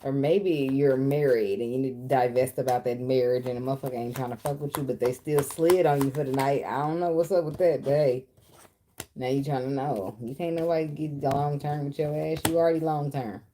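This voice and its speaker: Woman, very low-pitched, warm and mellow; blunt tarot reader, swears freely. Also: fairly even intonation, fairly quick, slight background noise. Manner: blunt, chatty, swears freely, talks to the cards. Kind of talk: casual tarot reading monologue.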